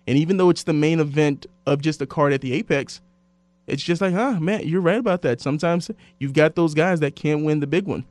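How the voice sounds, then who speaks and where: A man hosting a casual sports podcast, telling stories and quoting others in lively voices. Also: a little high, a little fast, no room sound. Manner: animated storyteller, quotes others in voices. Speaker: sports radio host.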